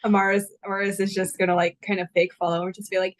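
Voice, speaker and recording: A woman playing a tabletop game who describes her character's moves quickly and playfully. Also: mid-range voice, fairly even intonation, dry recording. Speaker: player.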